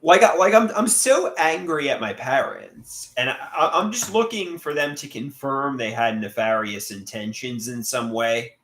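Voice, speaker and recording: Guy ranting on a live stream, keeps repeating himself, lively up and down voice, bright tone. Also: mid-range voice, normal speed, few pauses, echoey room. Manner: agitated, repetitive, stumbling restarts. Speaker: live streamer reading chat. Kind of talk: rambling live-stream chat.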